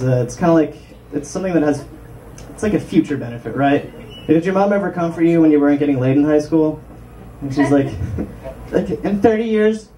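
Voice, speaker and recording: Young male stand-up, higher voice, rambling and self-mocking; miked from a distance with club noise. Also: warm tone. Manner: rambling self-deprecating jokes with frequent ums. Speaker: stand-up comedian. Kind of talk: stand-up set. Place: small club stage. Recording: distant mic with room noise.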